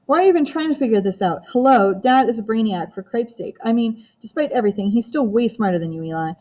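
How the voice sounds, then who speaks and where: A woman's voice: on the high side, expressive, fast, warm tone, low-quality recording. A woman reading an audiobook voices a blunt, impatient teenage girl, the older sister in the story. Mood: exasperated.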